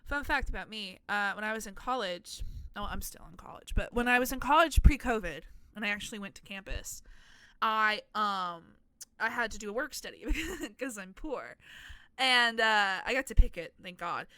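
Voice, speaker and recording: Bright, chatty young woman rambling. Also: medium pitch, animated, normal speed, clean tone, no echo. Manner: chatty, profane and playful; rambling, self-deprecating asides. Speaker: content creator. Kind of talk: casual chat about game characters.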